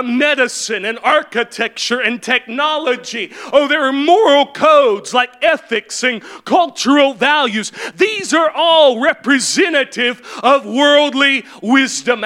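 A man preaching a sermon to his congregation, slowing down and raising his voice to stress key points. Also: very high-pitched, sharp tone, rough recording. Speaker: pastor. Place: church room with a congregation.

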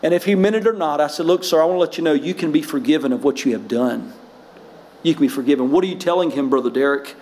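High-voiced preacher man. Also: fast, poor audio. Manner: impassioned preaching, rising and shouting at peaks; drops low and quiet for personal stories. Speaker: pastor. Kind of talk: sermon.

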